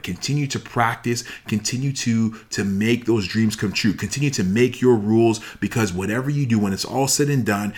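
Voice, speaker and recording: A man giving a motivational talk, urging listeners on with emphatic, repeated phrases. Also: fairly low pitch. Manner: emphatic, repetitive exhortation. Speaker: motivational speaker.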